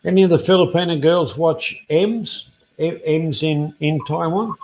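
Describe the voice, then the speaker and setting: A man's voice: on the high side, unhurried, darkish tone. An Australian man chatting as a guest on a live stream, rambling and circling back with many fillers. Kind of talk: casual live chat.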